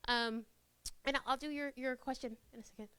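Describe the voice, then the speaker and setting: A young woman presenting a workshop in a university classroom, lively and chatty, acting out little scenes in quoted voices. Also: high voice, normal speed, clear, resonant tone, no room sound. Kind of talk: live workshop talk.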